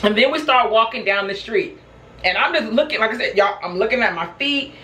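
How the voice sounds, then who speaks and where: A woman's voice: on the high side, lively intonation, a little fast, sharp tone, roomy sound, a little hiss or hum, poor audio. A woman vlogger telling a personal story in a casual, chatty way, laughing often and talking straight to her viewers. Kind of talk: casual storytelling while snacking.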